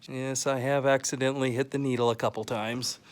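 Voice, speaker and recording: A man's voice: medium pitch, little pitch movement, a little fast. A man holds a phone and chats in a hospital room, teasing and laughing as he narrates a casual vlog. His voice sits in a middle range. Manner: playful, teasing, laughs often. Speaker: father filming a vlog. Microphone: phone camera he holds.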